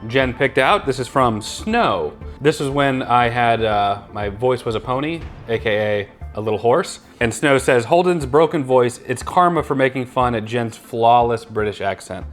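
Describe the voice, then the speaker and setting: A man's voice: mid-range voice, moderate pace, few pauses, a bit bright, soft background music. A young man hosting a movie reaction video, chatting casually with a playful, teasing manner. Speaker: host of a movie reaction channel. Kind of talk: casual chat.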